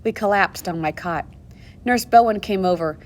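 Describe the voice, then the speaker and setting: A woman narrating a novel aloud in the first person, expressive and moving between hushed and urgent tones. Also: medium pitch, moderate pace. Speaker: audiobook narrator.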